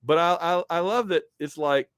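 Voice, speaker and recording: A man's voice: on the high side, normal speed, fairly bright tone, clear, resonant tone, no room sound. Rambling man recapping comics, dry sound. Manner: rambling, with frequent ums and restarts. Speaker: comic book podcast host.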